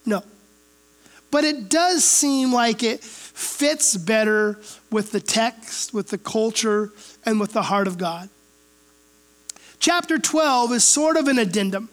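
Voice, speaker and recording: A woman preaches in a relaxed, chatty way. She walks through scripture like she is telling a story to friends and keeps checking in with her listeners. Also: high voice. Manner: casual, storytelling, frequent rhetorical "right?". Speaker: pastor teaching a Bible chapter. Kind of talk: conversational sermon.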